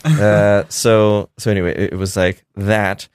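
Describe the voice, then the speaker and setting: Low-voiced man telling a rambling story. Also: level tone, unhurried, darkish tone, smooth, no echo, clean studio sound. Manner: rambling storyteller with many fillers and restarts. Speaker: filmmaker guest. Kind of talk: casual anecdotal chat.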